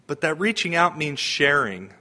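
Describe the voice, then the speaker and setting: A man's voice: on the high side, big pitch swings, moderate pace, pushed and bright. A man giving a homily in a conversational preaching manner, asking the congregation questions. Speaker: priest.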